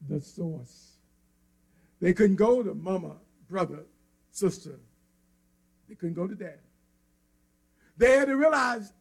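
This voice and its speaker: A man preaching a sermon with an impassioned delivery that swings from hushed near-whispers to cries. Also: high-pitched, gravelly.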